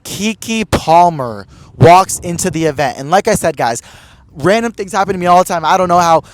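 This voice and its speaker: A young male podcast host chatting casually, his voice sitting a bit high for a man. He talks in an excitable, gossipy rush and packs his sentences with "like" and "literally". A faint hiss runs underneath. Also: normal speed. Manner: excitable, gossipy, heavy "like" filler. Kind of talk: casual chat.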